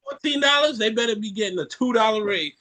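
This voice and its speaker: A Caribbean man hosting a podcast, ranting in an animated way and repeating lines for effect. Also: high-pitched, quick pace. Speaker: podcast host. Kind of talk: casual chat.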